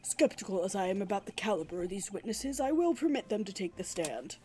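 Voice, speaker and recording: A woman's voice: mid-range voice, very animated, brisk, mellow, a little hiss or hum, natural voice. A woman voicing a stern, pompous elderly male judge with a formal manner.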